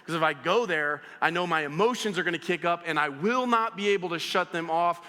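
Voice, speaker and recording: A man delivers a sermon in a high, bright voice with a sharp, forceful edge. He speaks to the crowd directly and tells stories with lively energy. His voice carries a long reverb from a church hall. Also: fairly quick. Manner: animated storytelling, addresses the audience directly. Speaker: pastor. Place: church auditorium.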